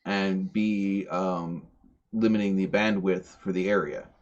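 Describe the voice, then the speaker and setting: A man's voice: low-pitched, steady tone, slow. A man hosting a casual podcast livestream, rambling and stumbling over repeated words. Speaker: podcast host. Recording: dull lo-fi stream audio.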